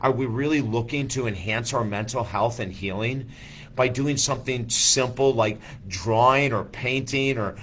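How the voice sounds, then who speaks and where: An enthusiastic male life coach gives a motivational talk straight to the listener. He leans on rhetorical questions to keep you with him. His voice sits at a middle pitch, with a faint low rumble underneath the recording. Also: a bit bright.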